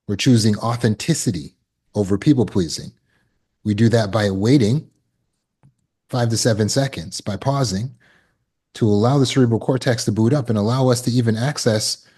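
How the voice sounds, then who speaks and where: A man's voice: mid-range voice, a little mellow, husky. A man, a trauma recovery coach, giving a conversational teaching talk and acting out short quoted exchanges.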